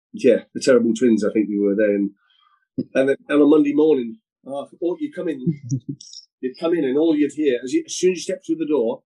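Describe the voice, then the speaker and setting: A middle-aged man, a former footballer, telling lively anecdotes as a guest, often repeating words and slipping into quoted voices. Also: on the high side, rough recording. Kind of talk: storytelling anecdotes in conversation.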